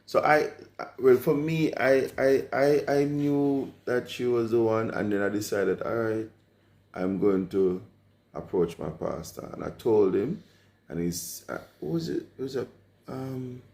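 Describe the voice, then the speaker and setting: A Jamaican man in his forties, co-hosting a vlog and recalling the past in a measured, reflective way. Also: mid-range voice, darkish tone. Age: 40s. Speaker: vlog co-host. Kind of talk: casual conversation. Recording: echoey room.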